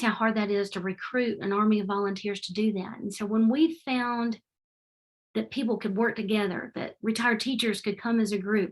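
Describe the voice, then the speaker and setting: A middle-aged woman giving a heartfelt, animated presentation over a video call. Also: mid-range voice. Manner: warm, heartfelt and animated, with faith-tinged phrasing. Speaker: presenter at a webinar. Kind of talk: presentation with slides. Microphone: remote video call.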